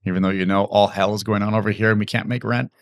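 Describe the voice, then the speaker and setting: A man hosting an interview, telling stories in an animated, conversational way. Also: fairly low pitch, fast talker, no room sound. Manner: animated storyteller. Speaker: podcast host, interviewer.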